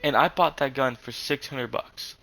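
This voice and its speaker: A young man telling a rambling story in casual chat, halting with many fillers and frequent swearing. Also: medium pitch, gravelly, pushed and bright, poor audio.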